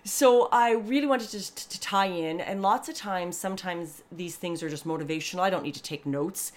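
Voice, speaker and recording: Speaking at a normal speed in a lowish voice, this woman hosts a podcast and shares a candid, earnest personal monologue. She rambles and chats, restarting and wandering into asides, with a warm, grateful sincerity.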